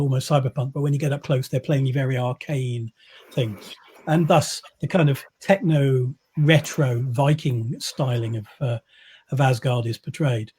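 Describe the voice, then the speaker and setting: A man's voice: on the high side, warm tone, a little hiss or hum. A man, a publisher, chatting casually on a video call in a wry, rambling way with many fillers. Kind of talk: casual chat.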